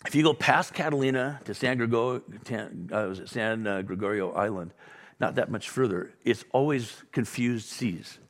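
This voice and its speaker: A middle-aged man preaching a sermon, acting out the dialogue with sudden loud bursts and soft drops. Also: on the low side, moderate pace. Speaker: pastor.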